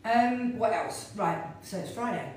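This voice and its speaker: A woman's voice: medium pitch, lively intonation, measured pace, a little hiss or hum. A middle-aged woman, a fitness instructor, chatting in a rambling way while she hula hoops in her home studio. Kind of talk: casual chat while hula hooping. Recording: very echoey room, voice from a distance.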